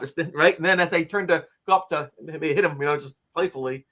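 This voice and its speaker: A man of about sixty, a guest on an interview show, telling a personal story in a lively way and acting out the quotes. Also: fairly high pitch, quick pace, few pauses. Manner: lively, acts out quotes and screams, frequent "like" fillers. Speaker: interview guest, author and teacher.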